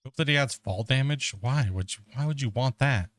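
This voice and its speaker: A man's voice: medium pitch, moderate pace, no echo. Man joking through a live game stream. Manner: joking, teasing banter with frequent exclamations. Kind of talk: live gameplay chat with viewers.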